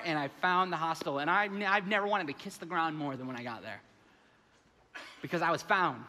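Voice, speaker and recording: A man from the United States preaching a sermon as pastor, animated and acting out the voices in his stories. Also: high-pitched, big-room sound. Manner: animated, acts out voices, frequent restarts. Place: large church sanctuary.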